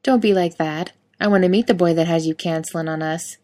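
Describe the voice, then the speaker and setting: A woman's voice: lowish voice, fairly quick, warm tone, close to an everyday voice. A woman reading aloud, voicing a cocky male friend who teases in a mocking, drawling way. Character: cocky teasing male buddy. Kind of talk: audiobook fiction reading.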